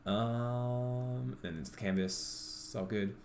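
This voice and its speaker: A man's voice: mid-range voice, slow pace, a little mellow, a little hiss or hum. A man streaming while he works on a game, thinking aloud in a rambling way with many ums and restarts. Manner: rambling, self-talking, full of ums and restarts.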